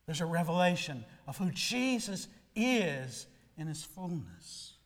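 A man preaching a sermon as a pastor, animated, with dramatic swings between soft and loud. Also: a little high, a little slow, big-room sound.

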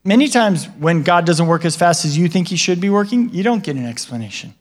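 A man's voice: fairly high pitch, lively intonation, brisk. A man preaching a sermon in a conversational way, often checking in with listeners and acting out the people in the stories. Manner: conversational, asks the listeners questions and tags lines with "right?"; acts out what God and other people say in a livelier voice. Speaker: pastor.

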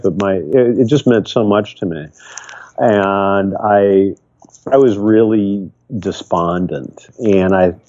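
An older man from Michigan speaks in a low, dark and mellow voice, telling a personal story in an earnest, meandering way. He often restarts his sentences. The sound is dull and lo-fi, like a remote call. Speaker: podcast guest. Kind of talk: reflective storytelling.

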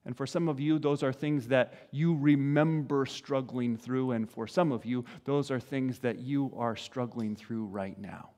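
A man's voice: mid-range voice, steady tone, a little slow, few pauses, mellow, in a large hall. A man giving a sermon in a conversational way, often asking "right?" and briefly acting out the voices of parents and children. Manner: conversational, frequent "right?" asides, acts out voices of parents and kids. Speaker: pastor.

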